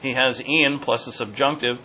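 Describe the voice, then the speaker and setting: A man's voice: medium pitch, steady tone, normal speed, bright, forceful tone. A man in the middle of his range delivers an expository sermon, earnest and repetitive, often circling back and searching for the right word. The recording is muffled and lo-fi, with a faint hiss underneath. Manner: earnest, repetitive, searching for words mid-sentence. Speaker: pastor. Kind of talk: expository Bible teaching. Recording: dull lo-fi sound with faint noise.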